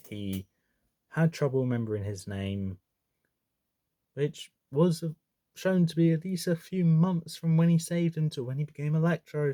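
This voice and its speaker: A man with a warm, mid-range voice ranks films casually and with strong opinions, chatty and often correcting himself with frequent restarts. The recording is dry, clean studio sound.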